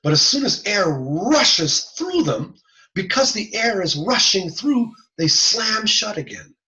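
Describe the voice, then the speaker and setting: A man's voice: high-pitched, big pitch swings, slow, sharp tone. A man giving an online lecture as an instructor, explaining step by step in a chatty way with joking asides. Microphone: video call. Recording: dull lo-fi video call audio.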